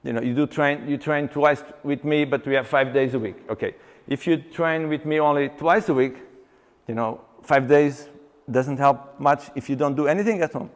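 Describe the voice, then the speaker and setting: A man, an exercise coach, giving a live seminar talk with animated storytelling, halting often and restarting his sentences. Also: medium pitch. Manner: animated storyteller who acts out client dialogue; halting, with many restarts and fillers. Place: seminar venue with long reverb. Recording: reverberant hall recording.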